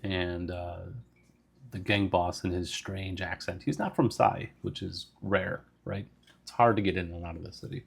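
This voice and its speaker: Man, solo tabletop narration, casual and rambling, deep voice, husky. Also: fairly even intonation, moderate pace. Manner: casual, meandering, full of fillers. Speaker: solo game player and narrator.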